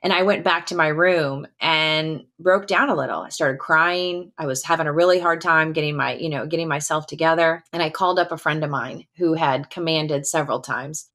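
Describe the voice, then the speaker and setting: A middle-aged woman from the United States with a fairly low voice tells a personal story as a podcast guest. She speaks candidly and emphatically, with casual fillers. She leans into key phrases. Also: normal speed, few pauses, fairly bright tone. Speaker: podcast guest, retired Air Force colonel.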